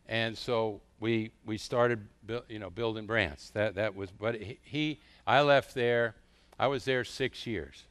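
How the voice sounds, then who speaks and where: A middle-aged man preaching a sermon as a pastor. He tells stories with animated rhetorical questions. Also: fairly low pitch, normal speed.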